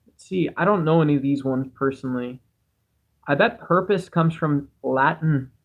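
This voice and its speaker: A man with a somewhat high voice hosts a relaxed livestream. He reads chat messages aloud and wanders from thought to thought, often putting himself down. He talks into a cheap home microphone. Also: moderate pace, dull audio. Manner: rambling, musing, self-deprecating. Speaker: livestream host.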